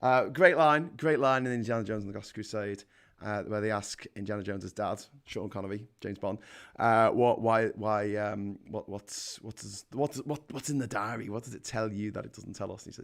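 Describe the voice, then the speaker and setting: With a fairly low, gravelly voice at normal speed, a man in his forties hosts a casual history live stream. He reads out the chat in a chatty, jokey manner, often restarting sentences.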